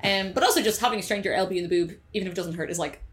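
A woman's voice: mid-range voice, a bit bright. A woman, a musician guest on a podcast, talking bluntly in a casual chat. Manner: chatty, blunt, quick to laugh along.

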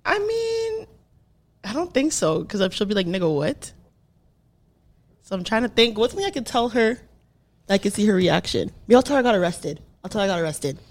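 A woman's voice: medium pitch, sing-song, brisk, pauses often, a little mellow. A woman on a podcast thinking aloud, fretting over who to call. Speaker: podcast host. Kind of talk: casual chat.

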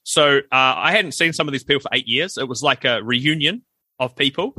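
A man's voice: mid-range voice, brisk, bright, forceful tone, slightly rough, no echo. A middle-aged man, co-hosting a casual podcast and telling stories animatedly, acting out the voices he quotes. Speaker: podcast co-host. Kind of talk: casual chat.

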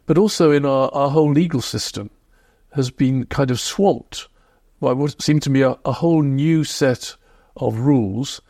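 A man being interviewed as a historian, explaining in a reflective, measured way. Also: medium pitch, creaky, mellow, dry recording, studio quality. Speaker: historian guest. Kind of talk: podcast interview.

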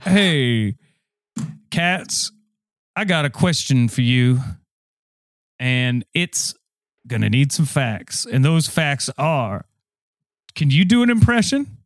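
A man's voice: mid-range voice, big pitch swings, slow, long pauses, no echo, clean studio sound. A man named in the chat, talking playfully and goofing around with friends. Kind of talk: casual chat.

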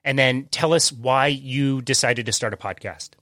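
A man's voice: medium pitch, moderate pace, fairly bright tone, dry recording. Man, podcast host, casual interview chat, dry close sound. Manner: friendly, laughs easily, filler "um".

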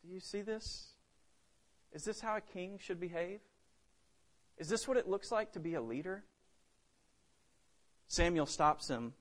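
A man preaching a sermon, swinging between loud emphasis and hushed drops. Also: high voice, a little slow, long pauses.

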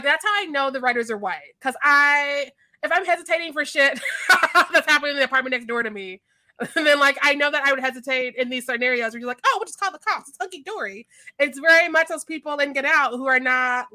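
A woman co-hosting a podcast, telling stories in an animated, emphatic casual chat. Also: high-pitched, fairly quick. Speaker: podcast co-host.

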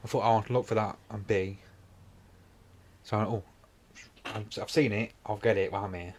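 A man with a lowish voice talks fairly quickly, co-hosting a casual podcast where he tells a long, rambling anecdote and banters with his co-host. He rambles as a storyteller but gets animated when joking. A little hiss or hum can be heard.

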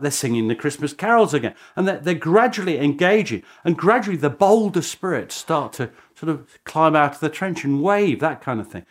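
A male historian recounting events in an interview, his voice riding high and swinging up and down with lively energy. He chuckles often and restarts his sentences as he goes, in an animated storytelling manner. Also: normal speed, hardly any pauses. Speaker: historian guest.

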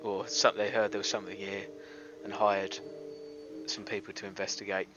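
A man's voice: lowish voice, completely flat delivery, normal speed. A man playing in a tabletop game, chatting casually and making offhand jokes. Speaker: player. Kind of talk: casual chat. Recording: dull lo-fi audio with clear music behind.

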